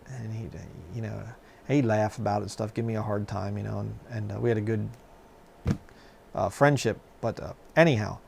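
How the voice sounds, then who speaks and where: Man, middle-aged, gravelly, rambling casual storytelling, lots of fillers. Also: on the low side, a little mellow. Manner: rambling, many fillers and restarts. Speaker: channel host.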